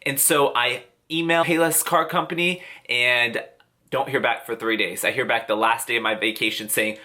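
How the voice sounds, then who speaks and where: A man's voice: medium pitch, steady tone, moderate pace, pushed and bright. A young man telling an angry storytime rant to camera, heated and indignant. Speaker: vlogger.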